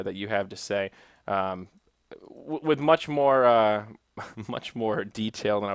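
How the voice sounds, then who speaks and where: A man's voice: medium pitch, fairly bright tone, no room sound, studio quality. A young man hosting a solo podcast, chatting casually and loosely, with frequent swearing and asides to his chat. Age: young adult. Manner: rambling, profane, talks to chat. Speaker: podcast host.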